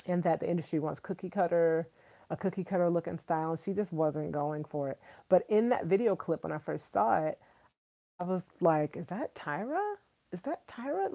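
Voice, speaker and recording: A woman hosts a casual livestream, chatting enthusiastically with viewers, calling them y'all and repeating herself for emphasis. Her voice is fairly low in pitch with a dark tone.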